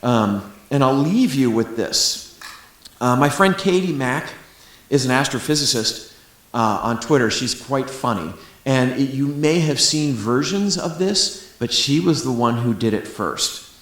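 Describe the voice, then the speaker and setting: A man's voice: medium pitch, expressive, unhurried, fairly bright tone, echoey room. A middle-aged man, an astronomer giving a public lecture, talking with chatty enthusiasm and humorous asides. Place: library lecture room.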